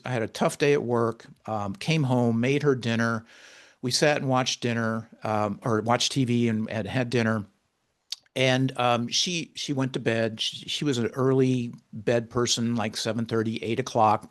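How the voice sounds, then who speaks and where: Male interview guest, caregiver and author, earnest and heartfelt storyteller. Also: mid-range voice.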